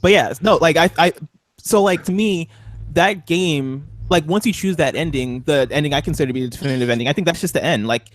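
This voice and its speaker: A man's voice: fairly high pitch, brisk, dry recording. A man hosting a casual group podcast chat, talking in rambling, easygoing sentences. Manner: rambling, laughs easily. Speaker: podcast host.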